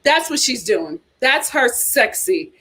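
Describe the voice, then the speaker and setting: A sassy woman hosts a casual reality TV commentary livestream. Her high voice swings widely up and down as she reacts and reads viewer chats. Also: sing-song, slow, sharp tone.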